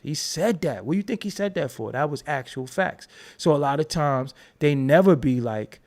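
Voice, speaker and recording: An American man hosting a commentary channel, talking in an animated, emphatic and profane unscripted rant. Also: a little high, moderate pace, few pauses. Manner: animated, emphatic, profane, talks over repeated restarts.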